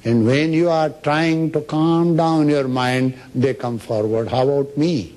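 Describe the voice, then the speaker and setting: A man's voice: a little high, slow, darkish tone. A man giving a lecture on meditation as a spiritual teacher, telling stories and acting out the quoted speech. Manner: storytelling, acts out quoted speech.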